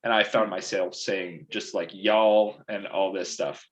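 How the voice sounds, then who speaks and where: A young man with a low voice chats about sports on a podcast as an eager fan. He talks casually and keeps jumping between stats and opinions. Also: steady tone, normal speed, fairly bright tone, muffled recording. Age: young adult. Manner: enthusiastic, chatty fan talk. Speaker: podcast co-host.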